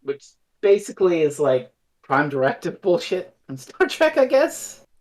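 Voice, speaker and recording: A man's voice: high-pitched, a little slow. A man co-hosting a podcast, recapping an episode in casual chat and briefly acting out the characters. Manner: animated, acts out characters mid-recap. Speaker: podcast co-host.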